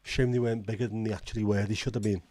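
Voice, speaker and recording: A man's voice: on the low side, flat delivery, very fast, darkish tone, no room sound. A man hosting a casual livestream, reading out viewer comments and reacting with blunt, swearing disbelief. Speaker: livestream host.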